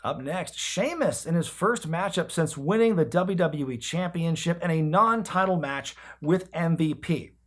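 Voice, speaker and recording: A man's voice: fairly high pitch, measured pace, few pauses, music in the background. A man casually recapping an old wrestling episode as a podcast host, joking, swearing now and then and acting out quoted lines. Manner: animated, jokey, swears casually, acts out quotes.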